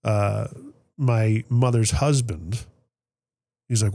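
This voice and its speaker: A man hosting a podcast, telling a personal family story in a reflective, emotional way, often trailing off softly, with a Middle Tennessee accent. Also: on the low side, fairly even intonation, slow, creaky, long pauses, no room sound. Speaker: podcast host. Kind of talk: candid conversational storytelling.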